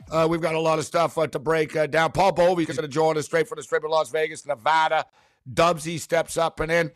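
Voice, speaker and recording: A man's voice: fairly high pitch, little pitch movement, a little fast, no room sound. A man hosting a casual sports betting show, loose and laughing, with lots of fillers. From North America. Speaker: host.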